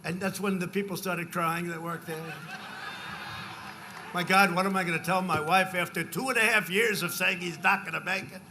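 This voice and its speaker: A man in his seventies giving a rambling, off-the-cuff campaign rally speech, full of repetitive asides to the crowd and shouted emphasis. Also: high voice, fairly even intonation, normal speed, background noise. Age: 70s. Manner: swings into shouted emphasis on numbers. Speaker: politician addressing a rally. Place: large political rally.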